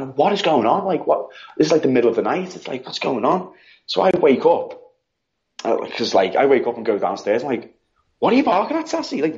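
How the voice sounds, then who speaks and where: A man with a British accent, a podcast guest telling stories in a casual, animated way, acting out quotes and saying "like" a lot. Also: mid-range voice. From United Kingdom. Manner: animated, acts out quotes, frequent "like". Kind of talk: casual storytelling. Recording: dull lo-fi sound.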